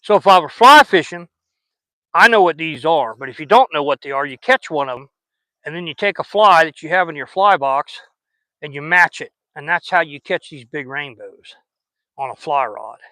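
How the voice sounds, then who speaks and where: This man's fairly high, expressive voice sounds pushed and bright, at a moderate pace. He's a fishing vlogger with a Southern US accent, chatting casually and folksily as he fishes outdoors on a river. There's no room sound, and the audio is poor.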